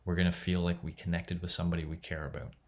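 A middle-aged man talks fast with a low pitch and flat delivery in a laid-back lecture recorded from home. His style is conversational and rambling, with restarts and gentle laughs.

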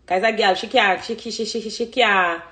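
A woman's voice: medium pitch, moderate pace. A Jamaican woman in her thirties chatting casually on a phone live stream, reading out comments from viewers. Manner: chatty, reads out comments, animated.

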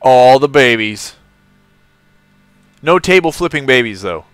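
A man's voice: medium pitch, lively intonation, unhurried, fairly bright tone, clear, resonant tone, dry recording. A man from California live-streaming a game, chatting casually, laughing often and greeting viewers in the chat.

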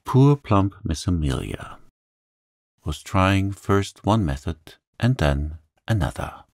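A man narrating a classic novel as a calm, gentle sleep story. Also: deep voice, slow, no room sound, clean studio sound.

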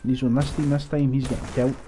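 A man giving live, profane, rambling commentary over his own gameplay, breaking into excited outbursts. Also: mid-range voice, quick pace, a little hiss or hum. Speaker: gaming channel host.

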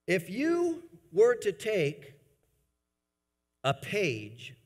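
A man preaching a sermon to his congregation, swinging between soft, low asides and loud, emphatic bursts. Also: huge pitch swings, drawn-out words. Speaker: pastor. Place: church sanctuary. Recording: long church reverb.

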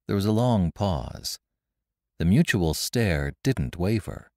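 A man narrating a classic story in a measured, expressive way, recorded close on a studio mic. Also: low voice, creaky, no echo. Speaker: narrator and podcast host.

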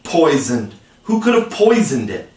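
A man voicing an excitable, cocky young boy hero in a storybook reading, calling out loud and urgent. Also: a little high, unhurried, voice pushed up. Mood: defiant. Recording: roomy, distant mic.

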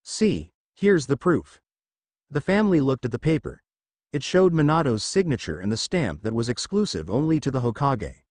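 A man reads fan fiction aloud in an amateur way and often stumbles over words. His pitch rises and falls a lot, and the recording is close and dry with no room sound. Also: very animated, fairly quick, darkish tone, dry recording. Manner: plain reading with frequent slips. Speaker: narrator. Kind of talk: amateur fanfiction reading.

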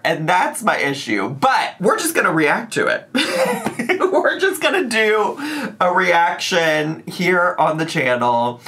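A man's voice: fairly high pitch, sing-song, slow, sharp tone. A man talking casually as a reaction video host, rambling with lots of fillers and frequent laughs. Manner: chatty, rambling, laughs often, many "like" and "right?". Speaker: commentary YouTuber.

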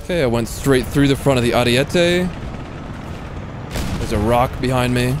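A man's voice: mid-range voice, moderate pace, music in the background. A young man commenting on a live tank game stream, swearing, sarcastic and chatting with viewers.

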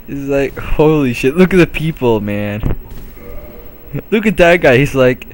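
A man's voice: medium pitch, lively intonation, unhurried, long pauses, slight background noise. A man giving casual let's-play commentary on his own gameplay, laughing often and swearing freely. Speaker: gameplay video host.

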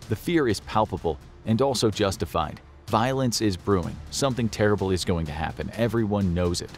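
A man narrating a scripted documentary in a grave, dramatic storytelling manner. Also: sits low.

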